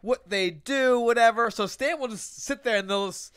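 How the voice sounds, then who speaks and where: A man's voice: moderate pace, clean tone. A man co-hosting a casual podcast chat, joking and acting out what people say. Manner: animated, jokey, acts out quotes with big jumps in pitch. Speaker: podcast co-host.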